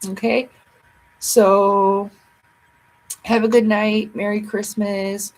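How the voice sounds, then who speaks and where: A woman livestreamer, tired, rambling along in easy, playful chat with her viewers. She talks at an unhurried, drawn-out pace in a voice of ordinary middle pitch. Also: flat delivery, darkish tone, poor audio.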